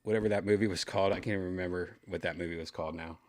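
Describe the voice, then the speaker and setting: A man's voice: deep voice, steady tone, racing, darkish tone. A man hosting a show, telling a rambling, laid-back story full of restarts. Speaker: podcast host. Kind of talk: casual storytelling.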